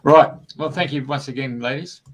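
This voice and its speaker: A man hosting a broadcast in a relaxed, informal way. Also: mid-range voice, moderate pace. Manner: relaxed, informal sign-offs. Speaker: radio host. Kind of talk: casual broadcast chat.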